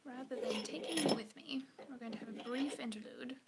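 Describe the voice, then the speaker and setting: A woman with a slightly high, gravelly voice talks slowly through her sewing on a home livestream. She keeps slipping into muttered whispers to herself. The audio carries clear background noise. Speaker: sewing vlogger. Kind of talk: casual livestream chat while sewing.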